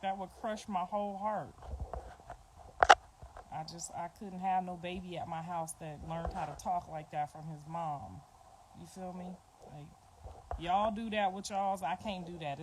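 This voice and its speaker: A middle-aged woman chatting casually on a livestream, talking bluntly and repeating her points. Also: lowish voice. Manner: blunt, repetitive, informal talk. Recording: clicking noise behind the voice.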